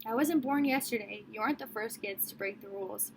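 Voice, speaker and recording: A woman's voice: fairly high pitch, fairly quick, slight background noise, close to an everyday voice, rough recording. A woman voicing a stern, cold middle-aged male prison warden who barks and roars at children. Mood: stern scolding.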